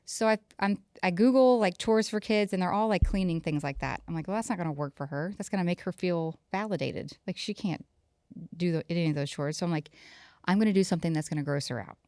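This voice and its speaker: A woman's voice: on the low side, quick pace, a little mellow, no echo, clean studio sound. A woman in her thirties co-hosting a podcast, telling a story about her kids in casual chat and acting out their lines. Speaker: podcast co-host.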